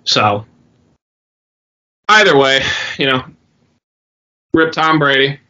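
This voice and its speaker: A young man co-hosting a podcast, telling a story in a rambling, swearing, animated way. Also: mid-range voice, slow. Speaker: podcast co-host. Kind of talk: casual chat. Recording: dull lo-fi sound.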